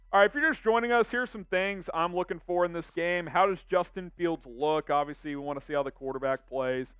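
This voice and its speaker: A man's voice: sits high, a little fast, hardly any pauses, a bit bright, clean tone, dry recording, faint music behind. Upbeat male live-stream host, dry close sound. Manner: upbeat, reads viewer comments aloud. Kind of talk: casual live-stream chat.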